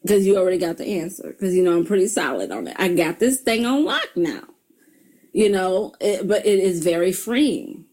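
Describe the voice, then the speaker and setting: Middle-aged woman host giving upbeat self-help advice to viewers, quick to laugh. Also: mid-range voice. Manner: animated storyteller, laughs often, addresses viewers as y'all. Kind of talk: motivational talk.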